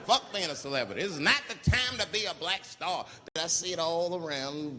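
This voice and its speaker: A male comedian telling profane stand-up stories, swinging between hushed and shouted delivery in a large live venue. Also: a little high. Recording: reverberant live hall with ambient noise.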